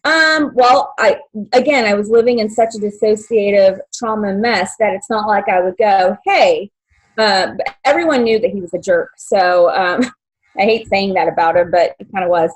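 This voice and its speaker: A young adult woman telling her life story as an interview guest, halting, with many fillers and restarts, at times emotional. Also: mid-range voice, low-quality recording. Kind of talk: personal story in podcast interview.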